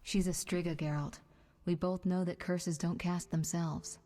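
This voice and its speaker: A poised sorceress played by an actress speaks dryly and ironically in a mellow, slightly low voice. Soft game music runs beneath her lines. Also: little pitch movement, measured pace, close to an everyday voice. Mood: ironic. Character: cool, ironic female sorceress, aloof. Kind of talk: video game dialogue.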